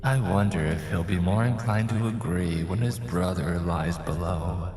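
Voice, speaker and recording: A man's voice: deep voice, fairly even intonation, measured pace, darkish tone, echoey room, long reverb tail, soft background music. A man voicing a sly, cruel male monster in a hissing whisper, as whispered role-play. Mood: gleeful.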